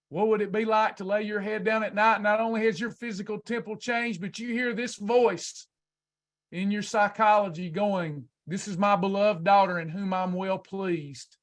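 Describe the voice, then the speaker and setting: Coaching a weight-loss class, a man with a high, somewhat bright voice delivers an emphatic, preacher-like motivational speech full of rhetorical questions.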